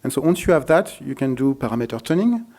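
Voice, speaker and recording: A man presenting a live technical demo at a conference, speaking haltingly with many fillers and restarts. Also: medium pitch, sing-song, a little mellow. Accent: French.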